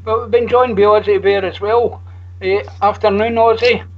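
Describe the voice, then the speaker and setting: A man's voice: high voice, fairly even intonation, moderate pace, slight background noise. A man hosting a fan radio phone-in, easygoing and friendly with callers. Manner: friendly, easygoing, calls people mate. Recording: muffled stream audio.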